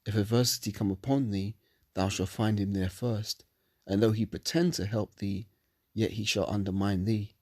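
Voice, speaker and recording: A man's voice: on the low side, fairly even intonation, moderate pace, a little mellow, dry recording. A man reading scripture verses solemnly and breaking into profane, angry commentary. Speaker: religious commentator.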